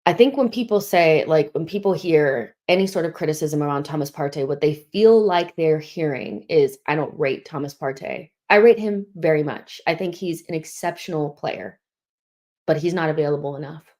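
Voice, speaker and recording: Hosting a football fan show live, a young woman talks casually and sounds a little out of breath as she reads comments from viewers. She speaks at a moderate pace in a low-pitched, slightly mellow voice.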